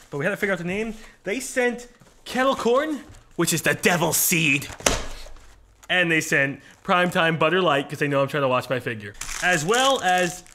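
A male channel host chatting casually while unboxing fan mail, excitable and rambling with plenty of jokes. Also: high-pitched, a little hiss or hum.

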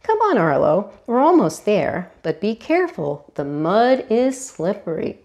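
A caring mother dinosaur, gentle and reassuring, as a woman reads her lines from a storybook. The voice moves through a lively range of pitch. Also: unhurried.

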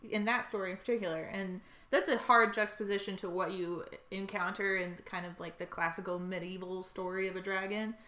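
Young woman, bright-toned, encouraging podcast co-host, echoey room. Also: mid-range voice, steady tone. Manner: supportive, quick to laugh, teasing. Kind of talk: casual chat.

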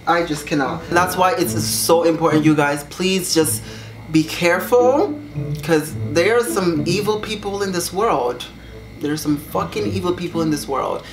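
A young man reading viewer secrets aloud on his vlog, sassy and dramatic, jumping up high in pitch to make a point. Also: moderate pace. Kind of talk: casual vlog reaction. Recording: echoey room with music behind.

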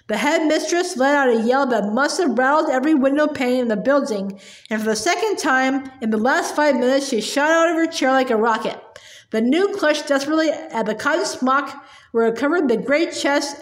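A woman's voice: high-pitched, roomy sound. A woman reading a chapter book aloud, narrating expressively. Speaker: storybook reader.

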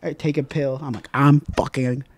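A young man from Indiana telling a story on a podcast in casual, animated style, acting out his friends in loud high voices and swearing freely. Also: moderate pace, no room sound. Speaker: podcast guest.

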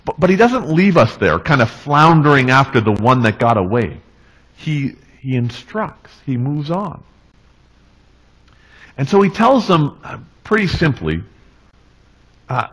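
A male pastor preaching a sermon in a relaxed, conversational way, often checking in with the congregation. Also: mid-range voice, measured pace, husky, low-quality recording. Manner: conversational, tag questions, restarts. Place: church.

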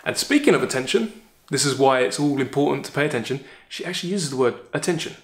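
Man, literature lesson, casual explaining, slow soft quoted lines, echoey room. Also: mid-range voice, lively intonation. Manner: conversational, checks in with "all right?" and "okay?"; reads quoted lines slowly and softly. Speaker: literature teacher. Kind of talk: poem analysis lesson.

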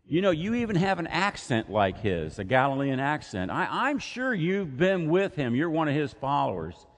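A man's voice: fairly high pitch, very animated, normal speed, pitched above the performer's own voice. A man voicing a suspicious young servant girl who keeps pressing with accusing questions. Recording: long reverb of a church hall.

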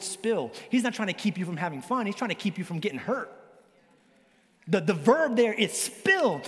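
A male pastor preaching a sermon in a lively, joking way, with big swings in pitch. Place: church hall. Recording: long church hall reverb.

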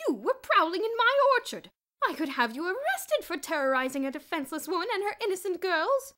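A woman voicing a shrill, melodramatic older headmistress in an audiobook. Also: very animated, fairly quick, pushed and bright, exaggerated voice. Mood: outraged. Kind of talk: audiobook character voice.

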